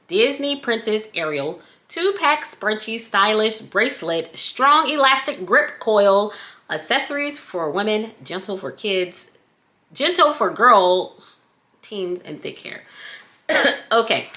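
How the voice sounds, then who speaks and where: Lively, bright-voiced Southern woman vlogger. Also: medium pitch, slow. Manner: chatty and playful, breaks into little sing-song bits. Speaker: scrunchie shop owner reviewing a product. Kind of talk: casual product review vlog.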